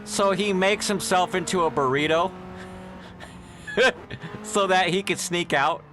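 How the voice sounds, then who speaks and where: A man's voice: sits high, unhurried, noisy background. A man hosting a livestream, telling stories in casual chat and laughing often. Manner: animated storyteller, laughs often. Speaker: livestream host. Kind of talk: casual chat while gaming.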